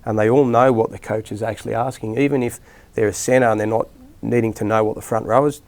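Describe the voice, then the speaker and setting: Aussie footy coach, middle-aged man, low voice with some fry, chatty and rambling, full of restarts. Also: fairly even intonation, quick pace, darkish tone. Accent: Australian. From Australia. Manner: rambling anecdotes with many restarts and fillers. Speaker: rugby league coach, podcast guest. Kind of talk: casual storytelling interview.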